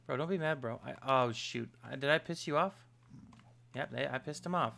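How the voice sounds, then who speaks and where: Excitable bright-voiced gaming host man. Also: medium pitch, normal speed, creaky. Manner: excitable, yelps and trash-talks game enemies. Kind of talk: casual let's-play commentary.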